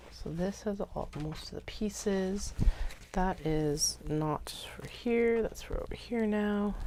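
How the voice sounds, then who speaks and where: Slow, low-voiced woman crafting on stream. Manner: thinks aloud, mutters notes to herself; chatty, laid-back, drifts into soft whispers. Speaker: craft livestream host. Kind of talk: casual talk while working.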